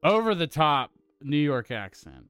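A man's voice: a little high, big pitch swings, unhurried, fairly bright tone, smooth, no room sound, clean studio sound, faint music behind. A man giving blunt, opinionated film criticism in casual chat, swearing freely.

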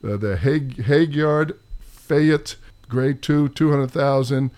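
A man's voice: medium pitch, takes it slowly, a little mellow. A man with a New York accent hosting a casual sports chat, rambling and poking fun at himself. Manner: rambling, self-mocking. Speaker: podcast host.

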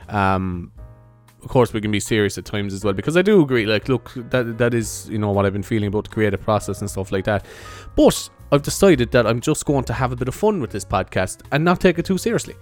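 A young man with an Irish accent hosting his own podcast in a casual, rambling monologue, swearing and laughing at his own jokes. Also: lowish voice. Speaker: podcast host.

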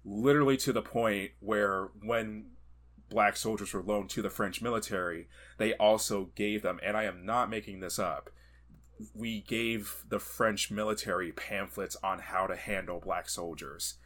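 A man co-hosting a podcast, chatting casually about a film, animated and quick to laugh. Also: fairly low pitch. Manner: animated, laughs often, acts out quotes. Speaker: podcast co-host. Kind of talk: casual movie review chat.

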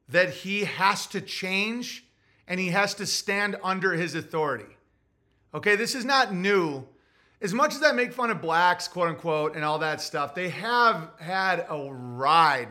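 A man with a New Jersey accent holds forth in a loose podcast monologue. His voice sits high and sounds bright and forceful, and he keeps jumping into put-on voices to act out what others say. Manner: animated, acts out quotes in put-on voices. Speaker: podcast host. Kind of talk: casual monologue.

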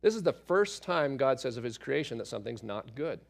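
A man, a father, teaching through a Bible passage in a relaxed, conversational way, with asides and fillers as he explains. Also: medium pitch, fairly quick, vocal fry, faint music behind. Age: adult parent.

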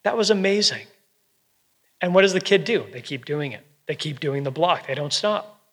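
A man preaching a sermon as pastor, earnest and gentle, with soft quoted asides. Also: fairly high pitch, animated, moderate pace, big-room sound.

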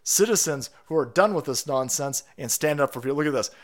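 A man's voice: on the high side, lively intonation, a little fast. Fired-up profane man hosting a livestream. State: sick with a cold. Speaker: livestream host. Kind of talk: ranting livestream commentary.

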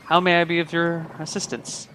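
A man's voice: on the high side, completely flat delivery, normal speed, sharp tone, slight background noise, pitched above the performer's own voice. A man voicing a polite, friendly middle-aged innkeeper in a tabletop game. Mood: welcoming. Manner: polite, welcoming. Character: friendly middle-aged male tavern proprietor.

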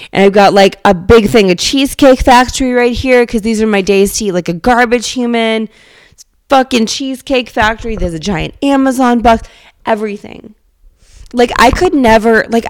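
A woman's voice: mid-range voice, dry recording. Sarcastic woman podcasting from her car. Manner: sarcastic, rambling, swears freely. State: under the weather, nasal. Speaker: podcast host. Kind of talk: casual comedic monologue. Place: inside her car, driving. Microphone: handheld microphone.

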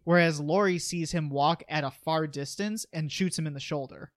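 A man's voice: fairly high pitch, moderate pace, dry recording. Chatty man recapping a movie. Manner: chatty plot recap with eager asides. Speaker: podcast co-host. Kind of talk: casual movie discussion.

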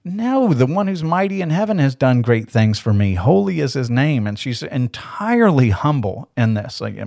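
A man's voice: mid-range voice, lively intonation, moderate pace, gravelly, hardly any pauses, darkish tone, dry recording. Man teaching scripture in a dry, close recording. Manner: conversational and explanatory, asks rhetorical questions. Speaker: Bible teacher. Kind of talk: podcast Bible teaching.

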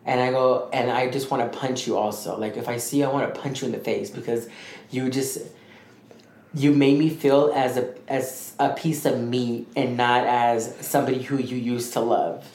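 A man co-hosting a podcast, telling a story in a rambling, animated way and acting out what others said. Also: mid-range voice, normal speed. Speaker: podcast co-host. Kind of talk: casual storytelling chat. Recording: echoey room with faint noise.

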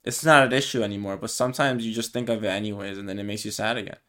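A young man co-hosting a podcast, speaking reflectively and softly in casual chat, with many fillers and restarts. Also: on the low side, fairly even intonation, very fast. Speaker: podcast co-host.

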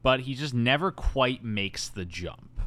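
A man co-hosting a casual podcast, recapping a film in an animated, storytelling way with frequent laughter. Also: medium pitch, a little slow. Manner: animated storytelling, acts out quoted lines with silly voices; laughs often. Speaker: podcast co-host. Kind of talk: casual chat.

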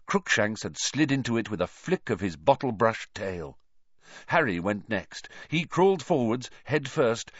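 A man reading a storybook aloud as narrator, with a dramatic, expressive delivery. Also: lowish voice, no room sound, lo-fi sound. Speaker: audiobook narrator.

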